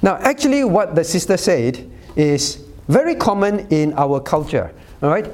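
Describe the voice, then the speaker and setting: A male pastor preaching a sermon, originally a Cantonese speaker, talking in a teasing, animated way and often checking in with his listeners. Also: on the high side, moderate pace. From Cantonese-speaking Chinese community. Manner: animated, teasing asides with frequent "all right?" check-ins.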